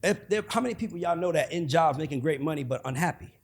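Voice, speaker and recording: A man in his forties with an Atlanta accent, a guest telling stories in a casual, animated, profane way. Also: on the high side, fast talker, husky. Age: 40s. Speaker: guest, music executive. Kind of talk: casual podcast conversation.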